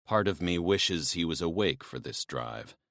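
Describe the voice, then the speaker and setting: Male audiobook narrator, very deep voice, lively expressive reading, dry studio sound. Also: unhurried, gravelly, no echo. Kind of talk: scripted romance narration.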